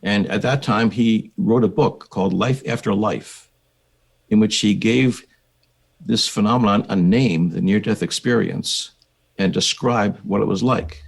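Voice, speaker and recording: An older American man speaks in a low, gravelly voice. He talks in a measured, reflective way, like a guest psychiatrist recalling his work on a podcast. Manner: measured, reflective storytelling with occasional fillers. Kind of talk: conversational podcast interview.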